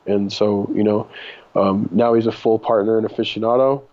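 A man's voice: fairly low pitch, fairly even intonation, normal speed, a little mellow, dull audio. A man telling a long, profane, rambling story as a podcast guest, with frequent laughter. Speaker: podcast guest, cannabis breeder. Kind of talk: casual storytelling interview.

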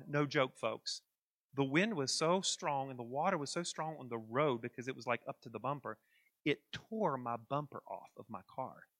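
High, bright-voiced pastor telling a story. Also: male voice, no echo, clean studio sound. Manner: animated, chuckling anecdote telling with asides to the congregation. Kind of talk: storytelling sermon.

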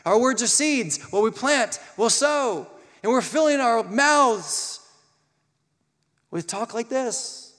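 A man preaching a sermon to young people, animated, acting out the voices he quotes. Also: very high voice, measured pace. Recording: long hall reverb.

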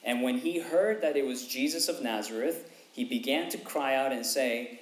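A man's voice: mid-range voice, moderate pace. A man preaches with an earnest manner, stopping often to check in with his listeners and leaning hard into the lines he quotes. His voice sits in a middle range, and it rings out in an echoey room. A faint hiss of background noise runs under it. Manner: earnest, repeats "okay?" and "right?" to the congregation; raises his voice sharply when quoting the cry for mercy. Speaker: pastor. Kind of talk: sermon.

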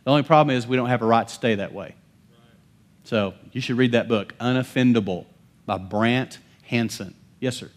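Male pastor mid-sermon, mid-pitched voice, emphatic, asks the room for amens. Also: normal speed. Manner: emphatic, swings between bold calls and hushed asides; calls out to the congregation for amens.

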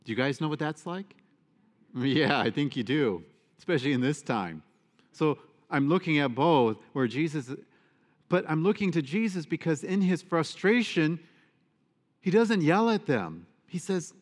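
A man's voice: a little high, animated, unhurried. A man, a priest, giving a conversational homily to his congregation, with fillers and asides. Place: church. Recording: long church reverb.

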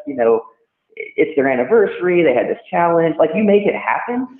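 A man's voice: mid-range voice, lively intonation, brisk. A man, a hotel general manager, talking casually in an interview, rambling with many restarts. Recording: tinny phone-line sound in an echoey room.

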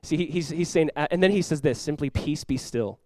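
Fast-talking high-voiced male pastor. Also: dry recording. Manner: energetic, acts out quoted voices with big jumps in pitch and volume. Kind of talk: sermon.

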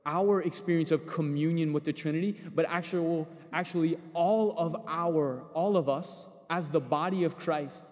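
A man's voice: on the high side, normal speed, few pauses, a little mellow, big-room sound. A man preaching a sermon in a conversational, storytelling way. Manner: storytelling with acted quotes, conversational.

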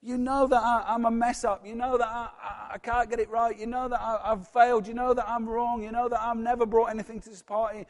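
A man's voice: very high voice, little pitch movement, fairly quick, few pauses, big-room sound, pitched above the performer's own voice. A preacher acting out a remorseful apostle confessing his failures, pleading and repeating himself. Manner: pleading, breaking, repetitive confession.

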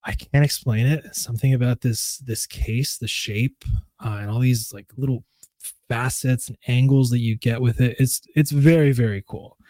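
A man co-hosting a podcast in casual chat, relaxed and enthusiastic, with frequent restarts and trailing phrases. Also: medium pitch, moderate pace, no echo. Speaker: podcast co-host.

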